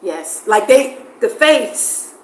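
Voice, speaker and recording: An expressive woman from the States, chatting casually to camera. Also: a little high, normal speed, reverberant, low-quality recording. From United States. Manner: expressive, animated, laughs often. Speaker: vlogger.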